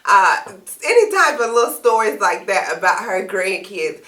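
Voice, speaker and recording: A woman's voice: mid-range voice, sing-song, normal speed, sharp tone. A woman on a casual panel chat, telling stories about her family and laughing easily. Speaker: co-host. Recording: echoey room, mic at a distance.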